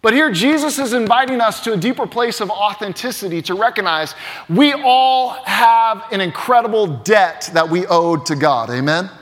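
A male pastor preaching a sermon, earnest and emphatic, dropping to a hush for weight, in a church sanctuary. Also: sits high, lively intonation, normal speed, big-room sound. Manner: earnest, emphatic, swings between loud and hushed.

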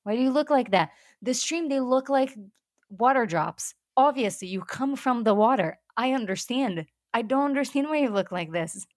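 A woman's voice: a little high, expressive, normal speed, no echo, clean studio sound. A woman co-hosting a casual rewatch podcast who acts out her reactions with animation. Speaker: podcast co-host.

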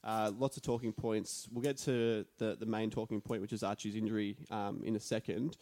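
A man's voice: fairly low pitch, flat delivery, fairly quick, darkish tone. A young Australian man with a nasal voice hosts a casual podcast chat. He rambles through stories about himself and pokes fun at himself along the way. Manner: rambling, self-mocking storyteller. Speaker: podcast host. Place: share house.

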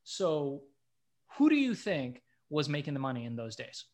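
A middle-aged man, a guest in an interview, telling a story in a casual, animated way and acting out the lines he quotes. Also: a little high, moderate pace.

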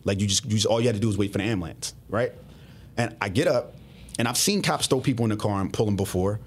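A man, a former police officer, telling his story as a guest in a casual, profane, animated way. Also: lowish voice, quick pace, husky. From Southwest Philadelphia. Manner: profane, animated retelling with acted-out dialogue.

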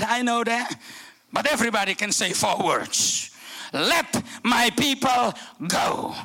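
Fervent high-voiced older male preacher. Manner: fervent, shouting exclamations with wide swings between loud and hushed. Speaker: guest preacher. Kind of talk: sermon.

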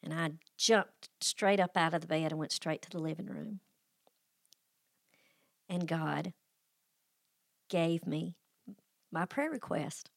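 A woman's voice: deep voice, slow pace, creaky, long pauses, no echo, studio quality. A middle-aged woman who hosts a faith podcast and tells a personal story in a folksy, emotional way, with sighs and restarts. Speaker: podcast host.

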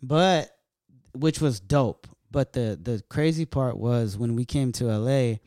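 A man's voice: mid-range voice, takes it slowly, no room sound, clean studio sound. A man from California, a stand-up comedian, telling loose, profane stories in casual chat. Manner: loose, profane, animated storytelling.

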